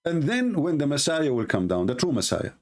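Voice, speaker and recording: A man with an Arabic accent and Arabic as his first language, hosting a live debate show, arguing emphatically, repeating phrases and slowing down to stress points. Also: fairly high pitch, big pitch swings.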